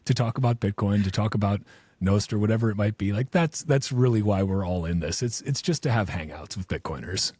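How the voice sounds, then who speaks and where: A man's voice: lowish voice, fairly quick, a little mellow, breathy edge, no room sound. A young American man, a podcast host, chatting casually and easily with chuckles and restarts. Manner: laid-back, chuckling, rambling with restarts. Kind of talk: casual chat.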